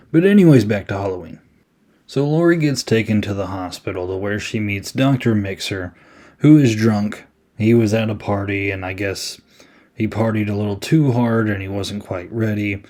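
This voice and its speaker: Young guy podcasting, rambly and amused, lowish mellow voice. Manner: rambling, self-correcting, amused. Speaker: podcast host. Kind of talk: casual movie review recap.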